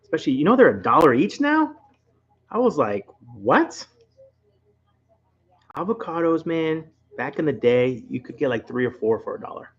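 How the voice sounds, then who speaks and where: A man's voice: on the high side, big pitch swings, fairly quick, husky, muffled recording. A man with a Rhode Island accent hosting a casual late-night livestream from home, rambling and chatting straight to his viewers. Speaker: livestream host.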